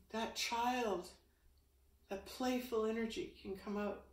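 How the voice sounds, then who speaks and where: A woman leading a spiritual yoga session, speaking slowly and soothingly with sighs between phrases. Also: on the high side, steady tone, echoey room. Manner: slow, soothing, with sighs and breaths.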